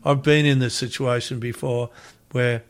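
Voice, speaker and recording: A man's voice: mid-range voice, steady tone, moderate pace. A middle-aged man with an Australian accent, telling a rambling anecdote as an interview guest and acting out the quotes.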